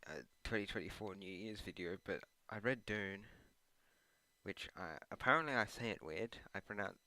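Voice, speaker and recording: A man with a deep voice and a bright, forceful edge, recorded dry and close. He rambles loosely while playing a video game, trailing off into long strings of ums and uhs. Now and then he drops a self-deprecating aside. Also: moderate pace, no echo. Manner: meandering and hesitant, with many ums and uhs. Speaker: gaming channel host.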